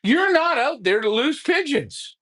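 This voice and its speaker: A man's voice: very high-pitched, big pitch swings, unhurried, a bit bright. A man co-hosting a casual live discussion, talking in an emphatic, preachy way, repeating his points and swearing.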